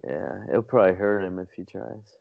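A podcast co-host speaks in a low, gravelly voice at a moderate pace, with no echo but dull lo-fi sound. In casual chat, his remarks are short, blunt, and dry.

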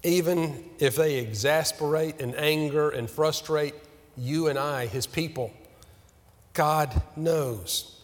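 Earnest preacher man in a reverberant hall. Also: fairly high pitch. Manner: earnest, questioning, slowing for emphasis. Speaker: pastor. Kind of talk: sermon.

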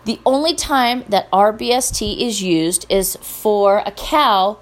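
A middle-aged woman hosting her own podcast, talking casually in an animated, indignant and sarcastic way. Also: medium pitch, slow pace. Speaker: podcast host. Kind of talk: casual solo podcast rant.

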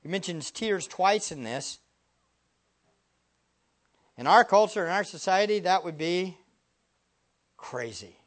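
A male pastor preaches a sermon, sinking to hushed near-whispers before climbing to loud, emphatic rhetorical questions he repeats for effect. His voice sits high with lively intonation, and he takes it slowly with frequent pauses.

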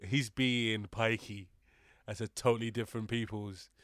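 A man co-hosting a podcast, animated and playful, often laughing and arguing in casual chat. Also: on the low side, moderate pace, no room sound, clean studio sound. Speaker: podcast co-host.

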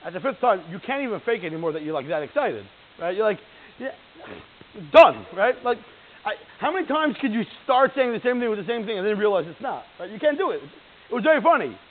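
A lively man leads a casual Torah class, speaking high and swinging his pitch widely. He acts out the voices of people he talks about and laughs often. The sound is tinny and phone-like, with faint hiss. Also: fast. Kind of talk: informal Torah class to a live group.

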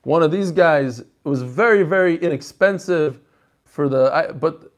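A man's voice: a little high, unhurried. A man teaching a religious text class in a casual, joking way, reading listener emails aloud between lessons. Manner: chatty, joking, reads messages aloud. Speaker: rabbi teaching a Talmud class.

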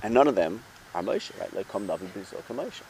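A man's voice: on the low side, expressive, brisk, creaky, a little mellow, a little hiss or hum. A man giving an informal Torah lesson, talking things through conversationally with rhetorical questions and restarts. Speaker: Torah teacher.

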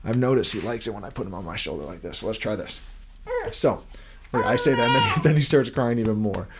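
A man's voice: fairly low pitch, expressive, fast talker, noisy background. A man giving a casual devotional talk to other men, asking many rhetorical questions in a loose, conversational way while holding his young son at home. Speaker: Christian men's podcast host and father.

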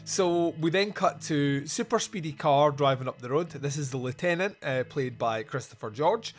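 Podcast host, man, upbeat higher voice, chatty scene recaps, light laughter, faint music underneath. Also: normal speed, hardly any pauses. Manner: recounts scenes, laughing, quoting characters. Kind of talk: casual movie review chat.

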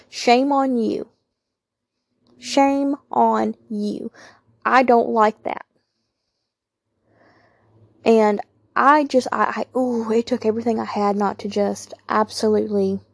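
Woman with vocal fry. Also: fairly high pitch, a little mellow, no echo, clean studio sound. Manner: candid, emphatic, talks straight to listeners. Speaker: podcast host. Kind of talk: casual personal storytelling.

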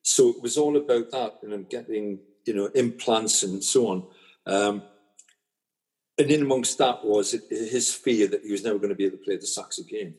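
Man musing in a relaxed chat. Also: fairly low pitch, normal speed, breathy edge. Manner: conversational, reflective, stammers on restarts. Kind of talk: casual chat.

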